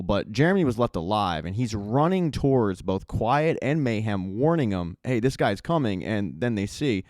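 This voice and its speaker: A man's voice: medium pitch, darkish tone, no echo, clean studio sound. A man narrating a casual, chatty recap of a TV season's plot. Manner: conversational, chatty storytelling. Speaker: TV recap YouTuber.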